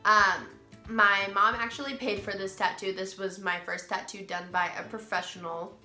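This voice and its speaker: A woman's voice: mid-range voice, steady tone, normal speed, sharp tone. A young woman with a stuffy nose from a cold, casually telling personal stories in a rambling way with many ums. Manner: rambling, lots of ums and restarts. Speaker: vlogger. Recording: roomy echo, faint music.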